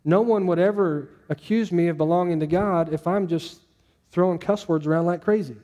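Mellow-voiced man preaching conversationally. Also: sits high, moderate pace, highs cut off. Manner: chatty, asks the audience, acts out quotes. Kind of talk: conversational sermon.

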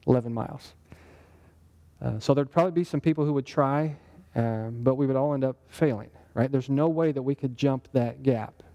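Speaking at a moderate pace in a dark-toned, medium-pitched voice, a man leads an interactive Bible sermon, though the audio sounds dull. He keeps things conversational and regularly asks his listeners questions.

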